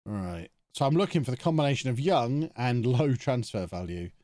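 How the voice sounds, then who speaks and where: A man's voice: medium pitch, expressive, moderate pace, darkish tone, no echo, studio quality. A man, talking to himself in chatty commentary while streaming a video game live. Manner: chatty, thinking aloud to himself.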